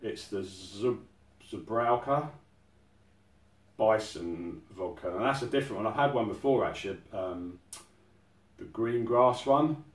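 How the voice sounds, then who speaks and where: A man's voice: lowish voice, lively intonation, measured pace, long pauses. A man hosting an outdoors channel, chatting casually through an unboxing and exclaiming in amazement at each item. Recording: roomy sound from a distant mic.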